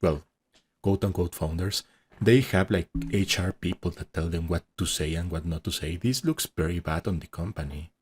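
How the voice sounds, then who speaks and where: A man's voice: low voice, normal speed, a little hiss or hum. A man hosting a reaction video, commenting casually with hesitant restarts and frequent laughs.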